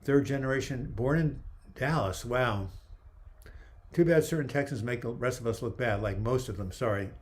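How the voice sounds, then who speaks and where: A man hosts a laid-back live video chat through his webcam, speaking at medium pitch and a moderate pace. He's chatty, answers viewer questions, jokes and reads comments out, his voice starting to fail.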